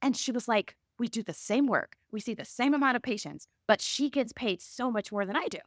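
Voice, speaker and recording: A woman's voice: a little high, fairly quick, dry recording. Female co-host, 30s, chatty storyteller, dry close mic. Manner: animated storyteller acting out both sides of dialogue. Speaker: podcast co-host. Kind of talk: casual chat.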